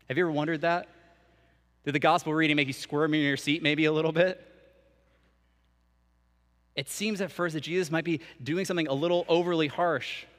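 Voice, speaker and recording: A man's voice: fairly high pitch, a bit bright. A young man preaching a sermon as a church minister, mixing scripture with casual, conversational asides. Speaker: canon for student ministry, preacher. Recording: long reverb of a church hall.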